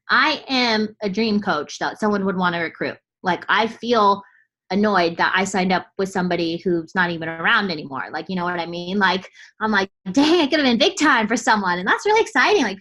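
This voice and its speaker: A woman's voice: mid-range voice, sharp tone, low-quality recording. A woman coach giving a motivational team training talk, fired up and blunt, casual with swearing and lots of "like" fillers.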